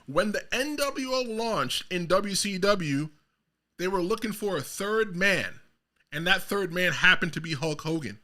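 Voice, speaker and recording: A man's voice: high-pitched, a little slow. A man hosting a solo podcast, talking casually and animatedly, rambling and correcting himself as he goes. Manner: animated, rambling, self-correcting, bursts of quoting voices. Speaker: podcast host.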